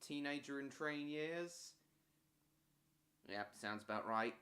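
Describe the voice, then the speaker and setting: A man's voice: on the high side, expressive, slow, sharp tone. A man talking casually on a live stream, answering viewers' chat messages one after another.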